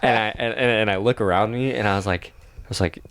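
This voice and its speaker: A man's voice: fairly low pitch, quick pace, heavy background noise. A young man telling a long dream story on a podcast, rambling with lots of fillers and swearing. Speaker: podcast co-host. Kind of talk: casual storytelling.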